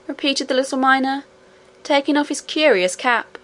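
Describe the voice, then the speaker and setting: A woman narrating a classic children's fantasy audiobook in a clear, measured way. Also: a little high, fairly bright tone.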